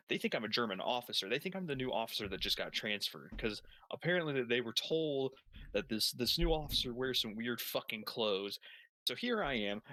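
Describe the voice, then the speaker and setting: A man's voice: medium pitch, pushed and bright, dry recording. A young man telling a long story while playing a game, rambling, swearing heavily and restarting his sentences. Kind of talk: casual profane storytelling while gaming.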